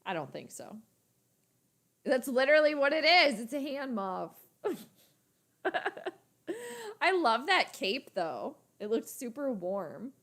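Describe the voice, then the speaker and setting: Brief: woman streamer, chatty reaction host, lively, bouncy pitch, fairly high. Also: slow pace, long pauses. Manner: chatty, animated, talks to her chat. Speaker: sports channel host. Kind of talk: casual livestream reaction.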